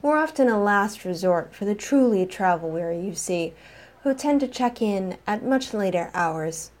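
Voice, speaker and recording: A woman voicing a young male bellboy, polite and impish, with a warm sing-song manner. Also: mid-range voice, lively intonation, normal speed, lightly acted. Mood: deferential. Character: tall thin young bellboy, impish but gentle.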